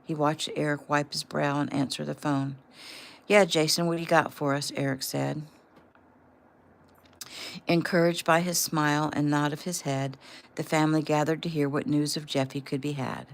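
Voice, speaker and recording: Woman, low voice, casual audiobook reading, relaxed, unpolished, storyteller. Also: normal speed, creaky. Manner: relaxed and unpolished, with small slips. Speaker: author reading her own book.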